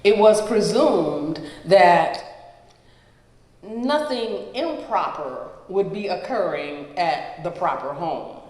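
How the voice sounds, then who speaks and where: A storyteller reads a personal memoir aloud before a live gathering. The delivery is very slow and measured, each phrase set apart by pauses, at a middle pitch. The voice carries a long, roomy hall reverb. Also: animated, darkish tone.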